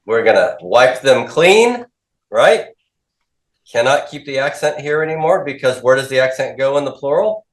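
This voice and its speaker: A man's voice: medium pitch, expressive, moderate pace. A man teaching a class, asking questions, drilling students and repeating their answers back. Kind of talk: classroom lecture with call-and-response drills. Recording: echoey classroom.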